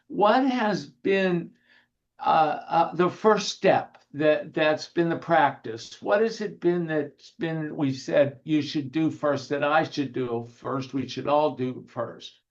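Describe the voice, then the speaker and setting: A man, a minister, giving a sermon in a gentle, unhurried way, guiding the listeners through breathing and telling light humorous anecdotes. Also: on the high side. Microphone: video call. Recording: dull lo-fi video call audio.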